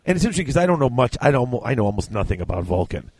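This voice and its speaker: A man's voice: mid-range voice, very animated, rapid-fire, darkish tone, dry recording. A man in casual conversation, retelling book scenes and briefly acting out the characters' lines. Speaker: book discussion co-host. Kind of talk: casual chat.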